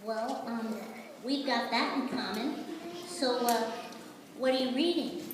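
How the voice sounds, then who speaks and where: A woman's voice: on the high side, slow pace, background noise. Woman doing a tiny polite boy hero. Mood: shy. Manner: shy, polite and earnest. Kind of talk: live puppet show acting. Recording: echoey hall from far off.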